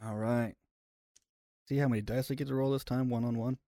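A man playing a tabletop game, easygoing, with short replies and quick laughs. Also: medium pitch, steady tone, mellow, no echo, clean studio sound. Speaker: player. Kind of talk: casual tabletop game chat.

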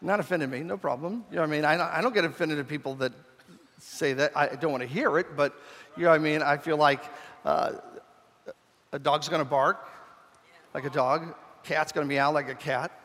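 A man with a fairly high voice preaches from the pulpit as a pastor, in a relaxed and humorous storytelling manner. His self-deprecating asides keep it conversational, and his voice rings out with a long reverb in a large church hall. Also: normal speed, long pauses. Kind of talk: storytelling sermon.

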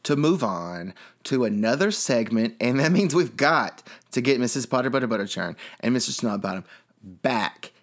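A man co-hosting a radio show, trading animated, jokey banter. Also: mid-range voice, normal speed.

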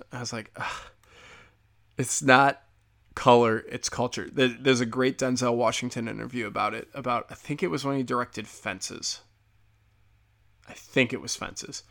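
A man's voice: mid-range voice, steady tone, a little fast, gravelly, a bit bright. An American man hosting a podcast, ranting casually with sarcasm and lots of swearing. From United States. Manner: profane, sarcastic, opinionated. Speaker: podcast host. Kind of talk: casual comedic rant.

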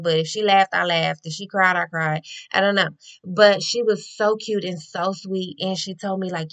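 Chatty nurse telling a story. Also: female voice, medium pitch. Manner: animated, chatty, addresses listeners as y'all. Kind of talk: casual storytelling to viewers.

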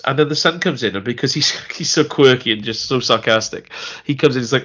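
A man's voice: medium pitch, fairly quick, fairly bright tone, lo-fi sound. A man co-hosting a podcast, chatting casually about a TV series, rambling with restarts and acting out lines. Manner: rambling, restarts often, acts out quoted lines. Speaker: podcast co-host. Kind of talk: casual chat reviewing a TV series.

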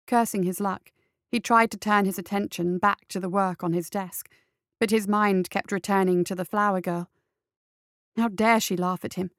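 A woman narrating a story in a steady, measured reading voice. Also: mid-range voice, dry recording, studio quality.

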